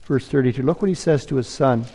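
A man's voice: mid-range voice, fast talker, dark tone, big-room sound. A man preaching a sermon, earnest and pleading, rising to emphatic peaks.

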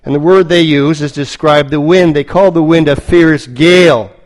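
A man preaching a sermon, telling a story slowly and dramatically, with lots of repetition. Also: a little high, poor audio.

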